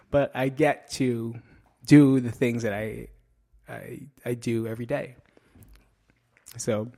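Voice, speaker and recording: A man's voice: mid-range voice, a little mellow. 30s guy doing a podcast, swears a lot, rambles, makes fun of himself, regular mid voice. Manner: blunt, profane and self-mocking; loose and rambling with restarts. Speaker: podcast host. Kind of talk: casual podcast monologue.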